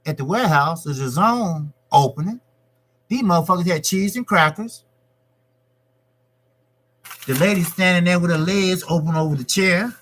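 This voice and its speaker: Male boxing channel host; loose, cussing live-stream talk, a bit higher than average. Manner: profane, repetitive, animated. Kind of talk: casual live-stream rant.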